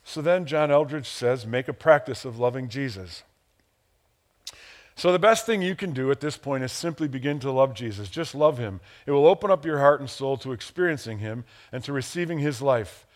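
A male pastor from the Chicago area preaching a sermon, animated and playful, acting out quotes and chuckling at his own asides. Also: normal speed. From Chicago area, USA. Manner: animated, acts out quotes with big pitch jumps.

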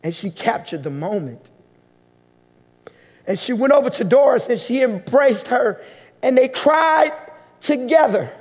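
High-voiced preacher in a reverberant hall. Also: male voice, animated, darkish tone, breathy edge. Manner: emotional storytelling, slow deliberate pauses. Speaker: pastor. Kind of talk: sermon.

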